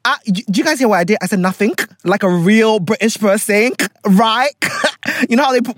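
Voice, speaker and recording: A vlogger reading a viewer's letter aloud and reacting with animated, laughing commentary in casual storytime style. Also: mid-range voice, dry recording.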